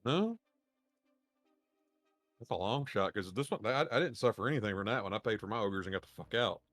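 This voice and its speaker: A man's voice: fairly low pitch, lively intonation, brisk, a bit bright, no room sound, studio quality. Rambling man telling stories. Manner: rambling, profane, laughs while telling stories. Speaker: podcast co-host. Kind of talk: casual storytelling chat.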